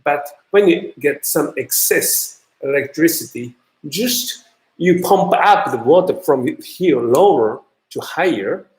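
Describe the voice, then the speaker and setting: A man with a Japanese accent who speaks Japanese natively, giving a university lecture in English in a halting way, with many fillers and restarts. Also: on the high side, expressive, a little mellow. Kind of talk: recorded lecture. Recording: echoey room.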